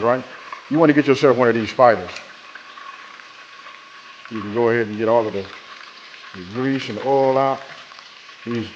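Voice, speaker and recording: In a muffled recording with a bit of hiss or hum, a medium-pitched male cooking show host hosts a laid-back demonstration. He addresses viewers directly in colloquial terms and checks in with them frequently.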